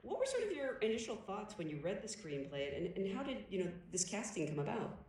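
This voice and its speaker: A woman's voice: mid-range voice, big pitch swings, fairly quick, slight background noise. A woman moderating a panel Q&A, asking enthusiastic, admiring questions. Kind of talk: hosting a panel Q&A. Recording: echoey hall, distant mic, loud audience.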